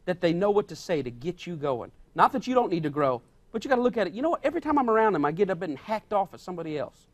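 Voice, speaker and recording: A man's voice: high-pitched, very animated, very fast, few pauses. A male pastor preaching a sermon in a folksy, plain-spoken way, stressing and repeating his key points. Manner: emphatic, repeats key points, acts out quoted dialogue.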